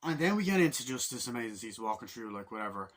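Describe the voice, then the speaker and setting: A man's voice: medium pitch, sing-song, very fast. A young man giving a casual, rambling movie review, swearing freely and acting out scenes with grunts and sound effects.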